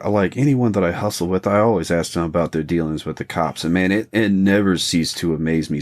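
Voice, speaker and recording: Podcast co-host, male, low register, laid-back and profane. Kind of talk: casual chat.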